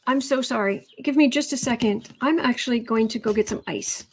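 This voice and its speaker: Woman, fairly high voice, tarot livestream host, talkative and overheated, casual home setup. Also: brisk, very noisy. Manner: chatty, reads viewer comments aloud, stumbles and restarts. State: overheated and sweaty. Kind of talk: casual live-stream chat. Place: indoor room at home.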